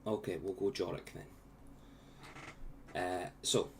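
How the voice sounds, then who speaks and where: A man runs a tabletop game, narrating in a relaxed, rambling way with plenty of fillers. His voice is low and his pace is slow. A faint hiss sits behind him. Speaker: game master.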